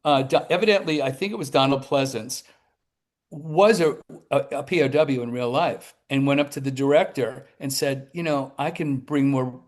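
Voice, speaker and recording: A man in his seventies, a talk show guest telling lively anecdotes, acting out the people in his stories as he goes, with some quick bursts and restarts. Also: mid-range voice. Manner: animated storyteller who acts out the people in his tales. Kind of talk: anecdotal storytelling.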